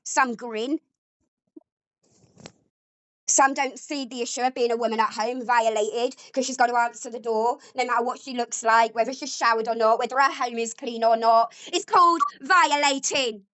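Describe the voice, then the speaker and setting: A woman's voice: a little high, fairly even intonation, moderate pace, a bit bright, dry recording, dull audio. A woman arguing angrily at home, accusatory and sarcastic. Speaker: vlogger. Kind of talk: heated domestic argument.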